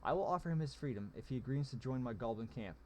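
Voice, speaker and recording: Shrewd male goblin general, read by a man, measured and calculating, storybook read-aloud. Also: medium pitch, lively intonation, a little mellow, a little hiss or hum, lightly acted. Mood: scheming.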